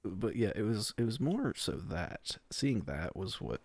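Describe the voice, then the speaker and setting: A man's voice: fairly low pitch, sing-song, unhurried, a little mellow, slightly rough, dry recording. A young man co-hosting a casual comedy podcast, laid-back and playing along with jokes. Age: young adult. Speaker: podcast co-host.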